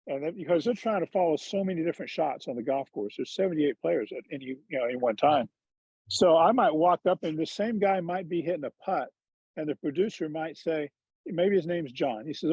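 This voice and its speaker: A man's voice: a little high, a little mellow, husky, no echo. A man, a former touring golfer and TV commentator, telling candid, self-deprecating stories in a casual interview. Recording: dull lo-fi dry sound.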